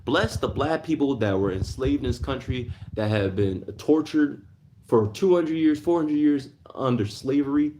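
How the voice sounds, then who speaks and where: A man's voice: mid-range voice, animated, moderate pace, warm tone, slight background noise. A man hosting a livestream, ranting heatedly in a casual monologue and answering chat. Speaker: livestream host.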